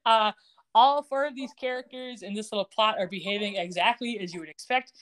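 Brief: woman, podcast co-host, lively plot recap, middle pitch, plays the characters' lines. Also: fairly quick. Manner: acts out characters' lines with shifting pitch, laughs often. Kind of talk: casual chat, animated plot retelling.

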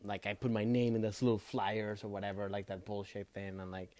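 A man's voice: on the low side, level tone, a little fast, mellow, no echo. A man, a comedian co-hosting a podcast, talking loosely and hesitantly, with many fillers. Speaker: comedian co-host. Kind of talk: casual podcast chat. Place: studio couch.

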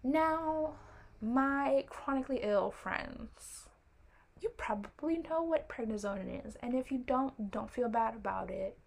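A young woman vlogger tells a personal story to the camera, her voice a little high, slow, and creaky. She rambles casually into tangents, chatty and animated, tossing in apologetic, playful asides.

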